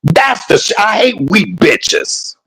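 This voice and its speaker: A man's voice: high-pitched, huge pitch swings, slow pace, a bit bright, dry recording, poor audio. A man in his fifties delivering a heated, profane rant to his viewers, repeating his points for emphasis. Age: 50s. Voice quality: gravelly, husky. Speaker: vlogger. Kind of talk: angry profane rant to camera.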